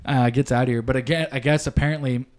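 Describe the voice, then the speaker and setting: A man's voice: mid-range voice, fairly even intonation, fast talker. A young man chatting casually on a podcast, telling a rambling, profane story and acting out the people in it. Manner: rambling, swears often, acts out quotes. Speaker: podcast co-host.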